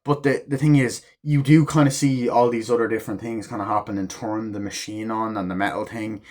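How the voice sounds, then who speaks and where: A man with a lowish voice talks briskly through a casual movie review, excitably swearing and acting out characters' lines as he retells scenes.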